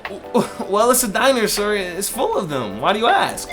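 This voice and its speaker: A man's voice: high-pitched, very animated, moderate pace, over music, voice pushed up. A man voicing a young woman diner waitress in a game, quippy and defensive. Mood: wary.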